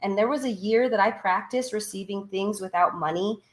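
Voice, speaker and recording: A woman guest on a podcast, telling a personal story in a lively way and acting out what others said. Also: mid-range voice, normal speed. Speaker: podcast guest, construction business owner.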